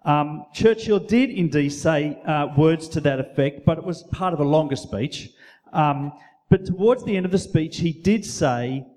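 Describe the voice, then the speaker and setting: A man's voice: a little high, animated, a little mellow. Sex: man. Role: preacher. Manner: earnest, measured, with fillers and restarts. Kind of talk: sermon. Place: church hall.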